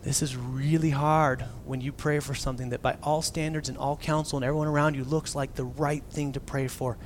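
A man preaching a casual, animated sermon as a pastor, swinging from loud emphasis down to near-whispers and acting out quotes. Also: mid-range voice, fairly quick, a little hiss or hum.

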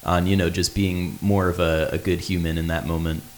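A man's voice: sits low, level tone, moderate pace. A man co-hosting a podcast in casual chat, teasing the guest and laughing a lot. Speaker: podcast co-host.

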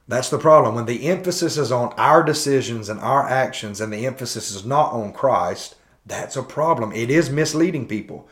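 Thirties male host, mid-range voice, earnest preacher's cadence for sermon critique. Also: mid-range voice. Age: 30s. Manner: earnest, preacherly, with rhetorical questions. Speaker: podcast host.

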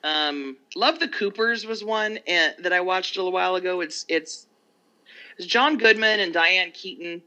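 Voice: mid-range voice, moderate pace, pushed and bright, dull audio. A podcast co-host in casual chat, swearing freely and trailing off mid-thought.

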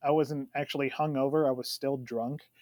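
A young man co-hosting a podcast, telling stories in an animated, laughing way. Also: mid-range voice, normal speed, dry recording, studio quality. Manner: animated, storytelling with frequent laughs. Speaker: podcast co-host. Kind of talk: casual chat.

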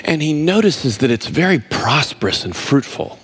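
Emphatic preacher man, higher voice. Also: very animated, moderate pace, husky. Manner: emphatic, repeats words for stress, addresses listeners directly. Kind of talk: sermon.

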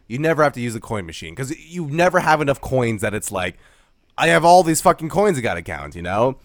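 A man's voice: medium pitch, brisk, no echo, clean studio sound. A young man co-hosting a podcast, telling stories in casual chat and swearing a lot. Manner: animated storyteller, swears a lot. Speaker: podcast co-host.

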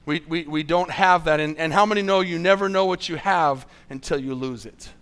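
A man preaching a sermon, earnestly asking the congregation questions and reading scripture slowly. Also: fairly high pitch, fairly bright tone. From United States.

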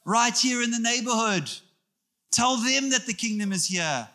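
A man preaching in a church, his voice sitting high for a man. He moves from storytelling into animated jokes with the congregation and back to earnest appeals. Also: moderate pace. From South Africa. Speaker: pastor. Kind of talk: sermon.

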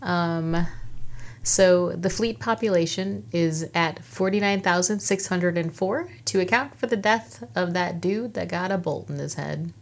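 A woman's voice: lowish voice, measured pace. A woman co-hosting a casual TV recap chat, laughing often and acting out characters' lines. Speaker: podcast co-host.

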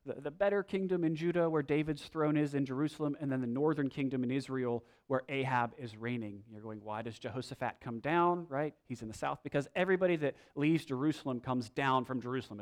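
A male pastor preaching a sermon, praying and reading scripture, with a conversational manner, asides and rhetorical questions. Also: mid-range voice.

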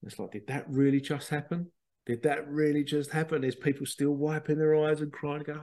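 A man, a spiritual medium, casually telling a rambling, excitable story, repeating himself and swearing now and then. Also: on the high side, normal speed. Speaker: spiritual medium and podcast host.

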